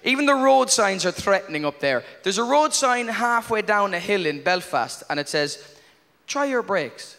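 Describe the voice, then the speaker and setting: High-voiced Irish stand-up in a reverberant hall. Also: male voice, lively intonation, creaky, fairly bright tone. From Ireland. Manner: wry, quick storytelling with acted-out asides. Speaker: stand-up comedian. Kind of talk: stand-up comedy routine. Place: live comedy venue with audience. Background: audience laughter and room noise.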